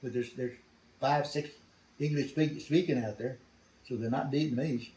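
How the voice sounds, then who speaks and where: A man's voice: medium pitch, normal speed, dark tone, recorded from a distance. Older man, blunt salty storyteller, recorded from off mic in a roomy space. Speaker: veteran interviewee. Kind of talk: storytelling interview.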